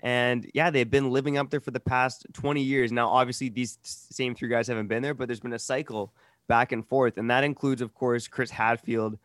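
A man from Canada co-hosting a casual podcast from home, relaxed and easygoing as he tells a story. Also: mid-range voice, fairly quick, no echo, studio quality. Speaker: podcast co-host. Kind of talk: casual chat.

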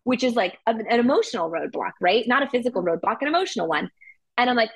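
A woman's voice: a little high, animated, fast talker, breathy edge, dry recording. A woman co-hosting a podcast, telling a story in a casual chat with lots of filler words. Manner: chatty storytelling, heavy use of "like". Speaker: podcast co-host.

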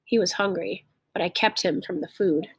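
A woman with a husky, breathy voice reads a simplified story aloud in a close, dry-sounding recording. She stops now and then to explain a phrase in plainer words. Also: mid-range voice, fairly even intonation, normal speed, no echo.

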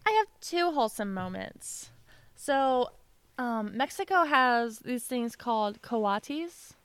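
A woman's voice: a little high, animated, slow pace, a bit bright, clear, resonant tone, no echo. A young woman co-hosting a casual podcast, joking bluntly and giggling. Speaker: podcast co-host. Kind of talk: casual chat.

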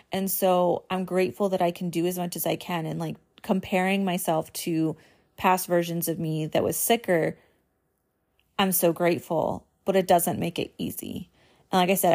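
A woman's voice: on the low side, darkish tone. A young adult woman hosting a personal vlog, talking in a casual, earnest way with many fillers. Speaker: host. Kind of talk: personal talk to camera.

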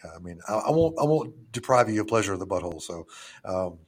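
With a deep, slightly rough voice, a young male podcast co-host talks fast and animatedly about a film in a casual, crude way. He laughs often and acts out scenes using a put-on voice.

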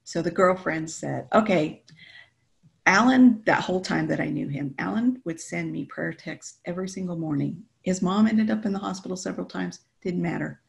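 Gravelly low-voiced woman telling her story. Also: moderate pace. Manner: animated storytelling, laughing often. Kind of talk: personal testimony chat.

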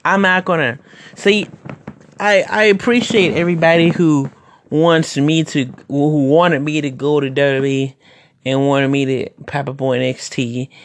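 A man's voice: fairly high pitch, fairly even intonation, a little slow, a little hiss or hum. A man who wrestles, hosting a casual podcast monologue, rambling and opinionated, with many restarts.

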